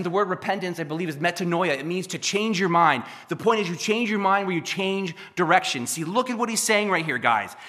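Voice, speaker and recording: A man's voice: sits high, sharp tone. A man in his thirties preaching a sermon, building to fervent, emphatic delivery, sweating and dry-mouthed. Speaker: pastor.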